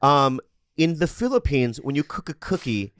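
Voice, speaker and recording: A man's voice: mid-range voice, big pitch swings, normal speed, fairly bright tone, dry recording, clean studio sound. A man co-hosting a comedy podcast, joking and swearing in casual banter. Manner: profane, joking, breaks into off-key singing. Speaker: podcast co-host.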